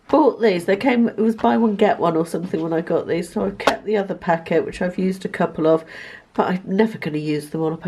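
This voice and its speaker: A woman in her fifties, hoarse and congested with a cold, chatting casually to camera as a lifestyle vlogger in her bedroom. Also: fairly low pitch, noisy background. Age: 50s. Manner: chatty, self-deprecating, rambling. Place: bedroom at home.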